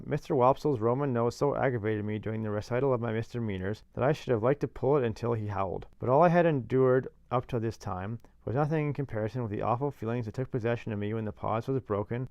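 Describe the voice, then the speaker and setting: A man's voice: mid-range voice, darkish tone, no echo, dull audio. Man reading a classic novel aloud, dry sound. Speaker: narrator.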